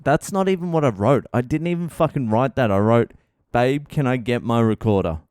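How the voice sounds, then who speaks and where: A male comedian rambles through a self-mocking story on his podcast, swearing constantly. His voice is smooth and clear at an everyday pitch. The recording is dry, with no room sound. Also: lively intonation, normal speed, a little mellow, no room sound. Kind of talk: comic storytelling monologue.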